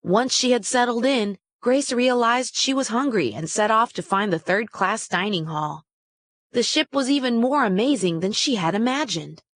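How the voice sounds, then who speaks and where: A woman reading a children's story aloud in a steady, expressive way. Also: fairly high pitch, normal speed, no room sound. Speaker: storybook reader.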